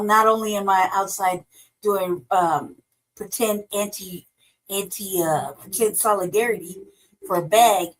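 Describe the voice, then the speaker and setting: A middle-aged woman giving blunt, profane political commentary on a talk show, often breaking into laughter and animated asides. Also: mid-range voice. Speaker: podcast co-host.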